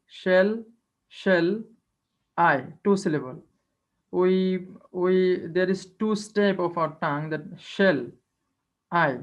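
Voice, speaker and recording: A teacher giving an online lecture, explaining step by step and repeating key phrases. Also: medium pitch. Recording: dull lo-fi online class recording.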